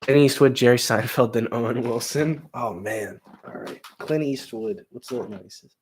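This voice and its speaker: A man's voice: mid-range voice, normal speed, darkish tone, slight background noise. A young man, a comedian, chatting casually on a live stream in a rambling, self-deprecating, crude way.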